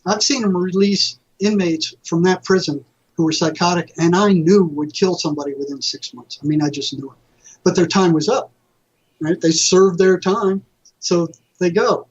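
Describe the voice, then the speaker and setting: A man, a mental health counselor, telling lively anecdotes as a guest in an interview and acting out what others said. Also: high-pitched, moderate pace, husky. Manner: animated anecdotes, acting out quoted people. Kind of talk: conversational storytelling. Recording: dull lo-fi audio.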